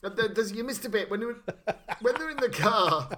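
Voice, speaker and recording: A man's voice: sits high, expressive, fairly quick, crowd noise. A man with a sweary, joking manner, chatting casually about a film and acting out bits of scenes. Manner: sweary, joking, quotes scenes in silly voices.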